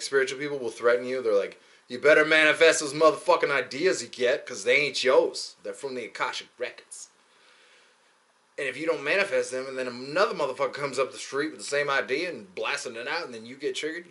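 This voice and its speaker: This podcast host is a young man with a sharp, mid-range voice. He rambles through a casual monologue, profane and joking, frequently slipping into mocking quoted voices.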